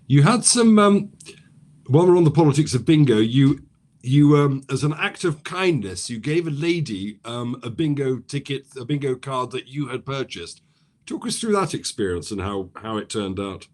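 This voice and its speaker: A man's voice: medium pitch, sing-song, moderate pace, a little mellow. A man hosting an interview, prompting the guest with conversational questions and occasional ums.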